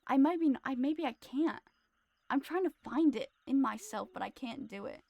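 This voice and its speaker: Woman streamer, giggly and rambling, fairly high and very animated. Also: moderate pace, creaky, dull audio. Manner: giggly, self-deprecating, rambling. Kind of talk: casual livestream commentary. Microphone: streaming mic.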